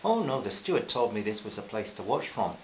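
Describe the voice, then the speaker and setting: A man reading a storybook and voicing a gentle, thoughtful young woman with a Liverpool accent. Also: on the low side, very animated, fairly quick. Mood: earnest. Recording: slightly dull with faint hiss.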